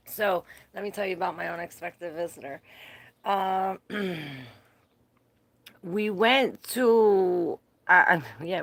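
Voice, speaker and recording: Low gravelly-voiced woman tarot reader. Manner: chatty, swears freely, laughs often. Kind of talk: casual live tarot reading.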